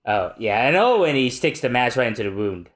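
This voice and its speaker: A man's voice: medium pitch, big pitch swings, fairly quick, a crowd in the background. A man co-hosting a podcast, casually narrating a comic page by page while he muses. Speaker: podcast co-host. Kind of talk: casual readthrough chat.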